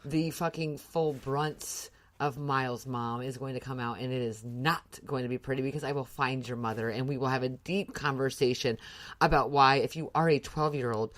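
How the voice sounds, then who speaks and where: A woman's voice: extremely low pitch, fairly even intonation, moderate pace, no echo. A middle-aged woman co-hosting a casual podcast, telling rambling stories full of swearing and restarts. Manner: profane, rambling storyteller with many restarts. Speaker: podcast co-host.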